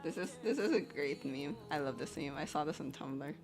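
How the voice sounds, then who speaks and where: A woman's voice: low-pitched, animated, moderate pace, over music. A young woman chatting casually at her computer, rambling and giggling as she swears and fills her talk with "like" and "you know.". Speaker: animator. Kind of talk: casual chat while sharing her screen.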